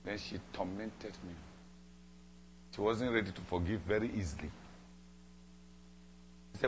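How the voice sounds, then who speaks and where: Lowish-voiced guy preaching, repeats himself for emphasis, slight hum in the background. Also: unhurried, pauses often. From Cameroon. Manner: dramatic, repeats phrases for emphasis. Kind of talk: sermon with personal story.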